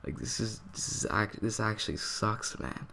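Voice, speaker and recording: A man's voice: on the low side, normal speed, vocal fry, bright, forceful tone, slight background noise. A young man telling a personal story in a casual, rambling vlog style, swearing freely and filling nearly every phrase with "like.". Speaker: vlogger.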